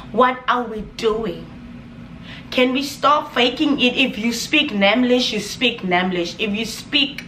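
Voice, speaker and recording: A young woman with a Namibian accent rants to camera in a casual vlog. Her voice sits high and sounds sharp and bright. She talks with exasperated, animated energy and slips in laughing asides over faint background noise. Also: roomy sound. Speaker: vlogger.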